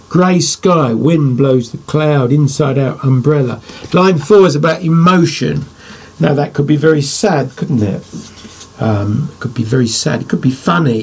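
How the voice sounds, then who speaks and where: A man's voice: medium pitch, creaky, darkish tone, breathy edge. An older man, a poet, giving a writing lesson to children, thinking aloud as he drafts and praising imagined answers.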